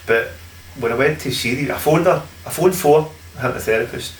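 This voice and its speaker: A man's voice: mid-range voice, brisk. A Glaswegian man, a podcast guest, telling stories in casual chat, swearing freely and laughing as he goes; echoey room, far from the mic, faint hiss. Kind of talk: casual storytelling.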